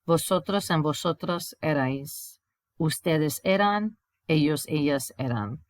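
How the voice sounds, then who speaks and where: A woman with a low voice talks through a recorded grammar lesson, explaining each step and reading example sentences aloud before translating them. The sound is dry and close to the mic, with no room around it. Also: a little slow, no echo. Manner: explains step by step, reads examples in Spanish then English. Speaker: Spanish teacher.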